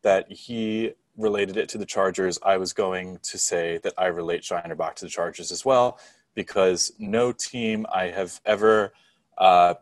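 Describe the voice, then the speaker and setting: A man co-hosting a casual podcast who argues his points in an indignant, quick-to-push-back way. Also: sits low, no echo, distant mic. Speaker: podcast co-host. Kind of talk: casual banter.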